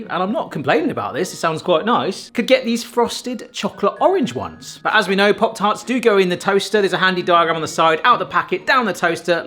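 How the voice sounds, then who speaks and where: A middle-aged man, talking casually and self-mockingly while testing a toaster in his vlog. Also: high voice. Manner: chatty and self-mocking, with excited outbursts. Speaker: video host reviewing a toaster.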